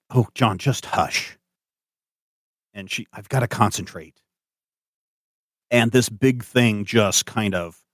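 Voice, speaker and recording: A man narrating as game master of a tabletop game, animated and hesitant with many fillers. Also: low-pitched, no room sound, studio quality.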